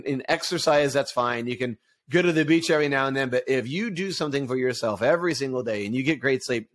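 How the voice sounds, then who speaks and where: A middle-aged man co-hosting a casual business chat, talking in an animated way and acting out sample ad voices. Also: mid-range voice. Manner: animated, acts out ad voices, laughs easily. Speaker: podcast co-host.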